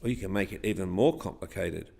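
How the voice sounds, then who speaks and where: A man's voice: deep voice, fast talker, vocal fry, a little mellow. A man teaching a class, guiding the pupils step by step through a chanted rhyme with counts and clapping. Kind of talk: classroom rhythm lesson.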